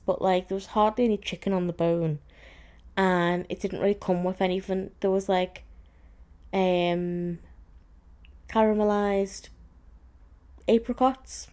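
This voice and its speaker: A young woman hosts a casual podcast and tells a story in a mellow, warm voice. She talks in loose, chatty sentences full of "like" and sounds a little exasperated. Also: mid-range voice. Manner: chatty and exasperated, with frequent "like" fillers. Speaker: podcast host.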